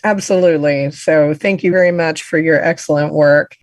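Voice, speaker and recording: A woman with a lowish voice co-hosts a true-crime podcast, summing up the case in a chatty way and laughing at herself. The sound is dry and close, with no room echo. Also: steady tone, moderate pace. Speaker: podcast co-host. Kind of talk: casual true-crime discussion.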